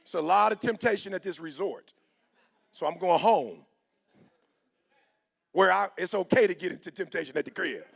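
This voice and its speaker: A man's voice: high-pitched, quick pace, vocal fry, few pauses. A middle-aged man, giving a preacher-style motivational talk and acting out both sides of his stories. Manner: animated, acts out both sides of stories in quoted voices. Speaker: motivational speaker.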